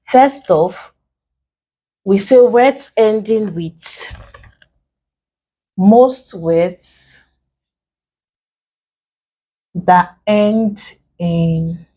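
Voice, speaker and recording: Speaking in a dark, mid-range voice, a woman with a Nigerian accent tutors English for an exam. Slowly and deliberately, she lays out rules step by step and spells out individual letters.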